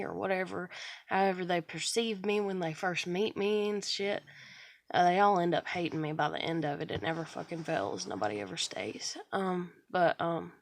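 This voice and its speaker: A woman's voice: on the low side, no room sound, clean studio sound. A woman in her thirties rambling through a bitter, profane confessional monologue about her life. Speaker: vlogger sharing personal stories.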